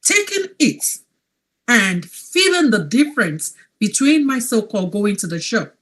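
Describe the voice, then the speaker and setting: Sex: woman. Role: wellness coach host. Style: testimonial chat. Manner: earnest, emphatic, lively rising and falling pitch. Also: unhurried. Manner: earnest, emphatic, repeats points. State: emotional, near tears.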